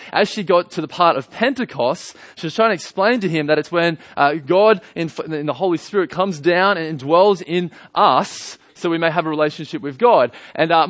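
A man's voice: fairly high pitch, a bit bright, no echo. A man in his thirties with an Australian accent, preaching a sermon in an earnest, conversational way with light humor. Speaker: pastor.

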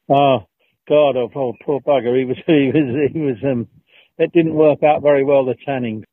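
A man's voice: mid-range voice, a little slow, pauses often, slightly rough, dry recording. Chuckling man on a tinny line. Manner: rambling, chuckling, with frequent restarts. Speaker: former co-star and guest. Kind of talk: anecdotal reminiscing.

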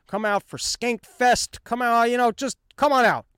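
A man's voice: extremely high pitch, normal speed, a bit bright, clear, resonant tone, no room sound, clean studio sound. A man hosting a comedy podcast alone from his apartment, rambling through a self-mocking monologue and slipping into mock dialogue.

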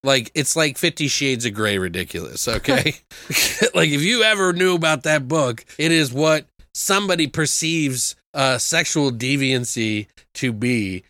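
Male host, bright crisp voice, dry close sound, animated storyteller who swears freely. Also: medium pitch, a little slow, no echo. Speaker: podcast host reviewing a film. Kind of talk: casual chat.

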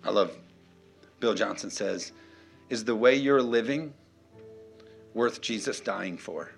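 Man preaching an animated sermon. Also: mid-range voice, vocal fry. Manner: animated preaching with shouted calls and joking asides. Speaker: pastor. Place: church.

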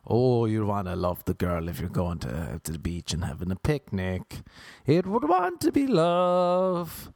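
A man's voice: lowish voice, wildly swooping pitch, unhurried, creaky, a little mellow, no echo, clean studio sound. A young man from Ireland with an Irish accent, riffing through a playful, rambling comic monologue that slips into crooned sing-song lines.

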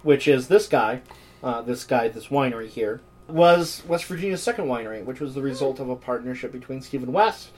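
A man co-hosting a podcast sounds animated and a little fast, with a darkish, medium-pitched voice on poor audio. He chats casually and reads history notes aloud, peppering them with irreverent jokes.

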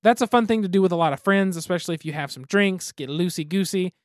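A man co-hosts a podcast, chatting casually in an easygoing, self-deprecating way and laughing often. He has a high voice and talks fast. The recording is dry, with clean studio sound.

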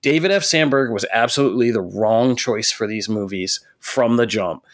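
A man in his thirties talks through a casual film podcast with a profane, ranting delivery. His voice sits somewhat low and the sound is dry and close, with no room around it. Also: normal speed, no room sound. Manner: profane, ranting, animated storyteller.

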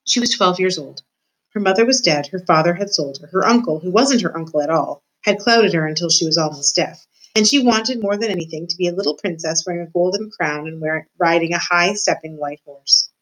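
A woman's voice: fairly low pitch, a little fast, a bit bright, rough recording. A woman student reading a children's novel aloud, speaking to the reader directly.

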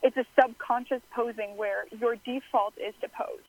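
A woman's voice: fairly high pitch, steady tone, normal speed, a little mellow, rough recording. A woman talking things through in casual conversation, thoughtful and searching for words. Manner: thoughtful, many fillers and restarts. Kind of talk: casual chat.

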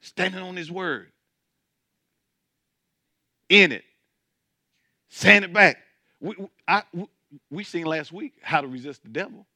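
Man, pastor, sermon, very bright voice, dry close sound. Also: sits high, a little slow, long pauses, no room sound. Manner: preaching with rising intensity and dialect asides; mocking impressions of churchgoers.

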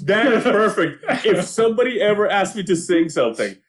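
A man's voice: sits high, animated, brisk. A young man co-hosting a casual podcast, telling a story with acted-out quotes, swearing and laughing as he goes. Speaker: podcast co-host. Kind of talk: casual chat recapping a show.

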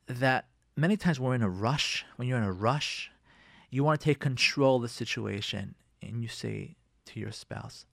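A man hosting a radio show, giving marriage advice in an animated way and acting out arguing spouses. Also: medium pitch, normal speed, creaky, no room sound, studio quality. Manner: lively, acts out quoted spouses in raised voice.

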